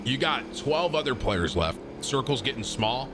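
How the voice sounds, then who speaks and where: A young man streaming, chatting casually and excitably over gameplay while eating. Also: medium pitch, moderate pace, over music.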